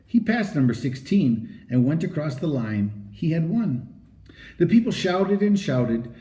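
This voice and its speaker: A man reading a children's chapter book aloud as storybook narration, in an animated, expressive read-aloud manner. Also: on the high side, a little slow. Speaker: audiobook reader. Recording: roomy echo.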